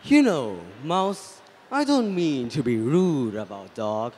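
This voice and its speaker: A young man playing a smooth-talking male stranger who sells things, in a school readers' theatre. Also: on the high side, big pitch swings, takes it slowly, a little mellow, long reverb tail, voice pushed down, full character voice. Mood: coaxing. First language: Thai.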